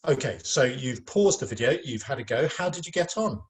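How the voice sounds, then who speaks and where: A man's voice: mid-range voice, lively intonation, brisk. A man teaching a French lesson online, speaking to pupils in a patient, encouraging way with a touch of self-mocking humor.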